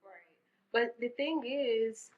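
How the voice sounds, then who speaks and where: A woman's voice: fairly high pitch, fairly even intonation, takes it slowly, a little mellow. A woman in casual conversation, earnestly explaining her point step by step. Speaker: podcast guest. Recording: muffled dull sound.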